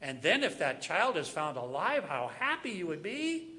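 A man delivers a sermon with a lively, up-and-down pitch that climbs high on his key lines. His voice is bright and fairly high for a man. He leans hard on repeated phrases and drops to near-quiet asides between louder declarations. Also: moderate pace, a little hiss or hum. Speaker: preacher.

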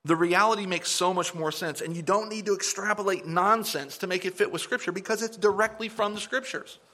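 A man delivers an animated, emphatic sermon to a gathered congregation. His voice sits a little above the usual male pitch and rises sharply when he makes his points. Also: fairly quick. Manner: animated, emphatic, mocking impressions of opponents. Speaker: preacher.

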